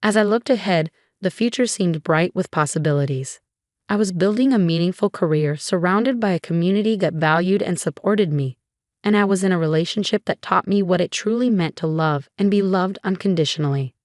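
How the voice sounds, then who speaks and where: A woman giving a scripted first-person story narration in a smooth, steady reading voice. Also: on the low side, brisk, no room sound, studio quality.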